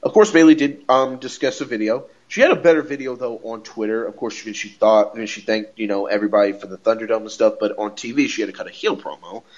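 A man hosting a podcast, recapping a wrestling show in a casual, excitable way, laughing often and repeating himself. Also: fairly low pitch, quick pace, hardly any pauses, highs cut off. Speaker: podcast host.

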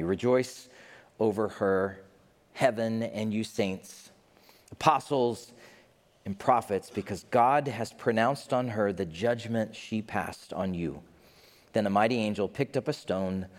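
A man preaching a sermon in an animated way, briefly acting out the people he talks about in quick put-on voices. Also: lowish voice. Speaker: pastor. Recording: long hall reverb.

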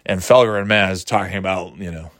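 A man in a casual sports talk, swearing freely and rambling, with frequent laughs and lively jumps in pitch. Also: a little fast, no echo, clean studio sound. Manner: profane, rambling, animated, laughs often.

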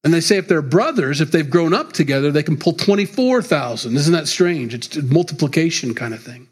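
A man's voice: on the high side, animated, brisk, slightly rough. A middle-aged man preaching a sermon as pastor, talking in a loose, conversational way and chuckling between points.

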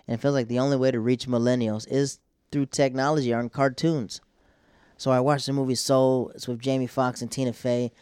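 Guy comic just rambling about his week, keeps restarting his sentences, mid pitch, dry close mic. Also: flat delivery, brisk, a little mellow, smooth, no echo. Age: 20s to 30s. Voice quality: rambling, self-interrupting. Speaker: stand-up comedian. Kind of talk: casual chat.

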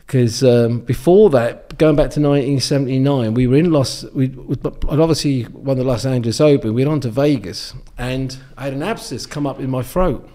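A man's voice: mid-range voice, moderate pace, few pauses, warm tone. An English man in his sixties, a guest telling rambling anecdotes with many ums and restarts in a casual interview. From England. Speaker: guest, former darts champion.

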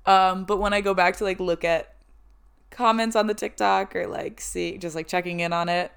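A raspy-voiced woman in her twenties hosting a podcast, chatting casually and poking fun at herself. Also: on the low side, steady tone, moderate pace. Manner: chatty, self-deprecating, laughs often. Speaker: podcast host. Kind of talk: casual chat.

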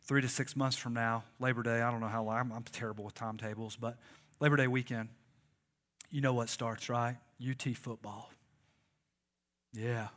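A man's voice: mid-range voice, little pitch movement, moderate pace, long pauses, fairly bright tone. A man preaching a sermon, conversational and joking and calling on the congregation to respond. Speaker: pastor.

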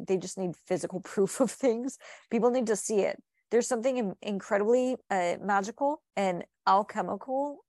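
A woman's voice: medium pitch, darkish tone, dry recording, studio quality. A woman speaking as a client in a hypnosis session, rambling earnestly and encouragingly with many fillers and restarts.

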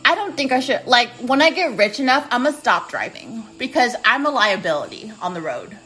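Young woman podcasting from her kitchen, kinda high voice, swears a lot, roasts herself, faint music behind. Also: big pitch swings, moderate pace, sharp tone. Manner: blunt, profane, self-mocking. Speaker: podcast host. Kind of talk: casual storytelling monologue. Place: home kitchen.

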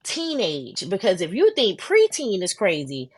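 A woman's voice: mid-range voice, measured pace, husky. A woman, co-hosting a casual podcast chat and telling stories with acted quotes. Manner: animated storytelling with acted quotes. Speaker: podcast co-host.

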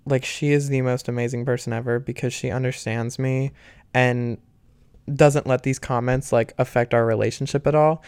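A man's voice: medium pitch, clean tone, no room sound. A young man talking casually to his viewers, candid and rambling, laughing often and swearing as he vents. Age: young adult. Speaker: vlogger. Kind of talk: casual talk to camera.

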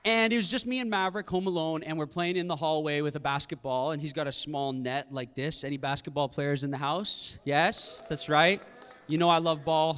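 Male pastor, 30s, lively storyteller, high voice, long hall reverb. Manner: animated storytelling, talking to the crowd. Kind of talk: sermon. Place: large hall with a live audience.

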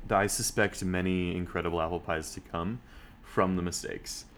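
Deep-voiced man teasing on a podcast. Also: steady tone, normal speed, a bit bright, a little hiss or hum. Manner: teasing, swears a lot. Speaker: podcast co-host. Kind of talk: casual chat.

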